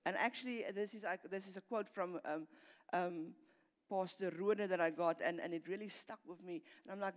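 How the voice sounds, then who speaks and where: A woman's voice: on the low side, moderate pace. A middle-aged woman pastor, preaching an earnest sermon that builds in intensity and often repeats words. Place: church hall. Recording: long reverb of a church hall.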